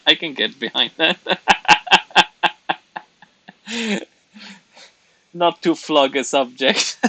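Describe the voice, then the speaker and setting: Slow, gravelly man chatting on stream. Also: mid-range voice, animated, sharp tone, no room sound, rough recording. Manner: chatty and self-mocking, giggles often. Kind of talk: casual live-stream chat while colouring.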